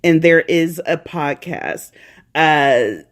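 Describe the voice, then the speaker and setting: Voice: mid-range voice, slow pace, slight background noise. A podcast host chatting casually from home while feeling unwell, rambling and laughing often.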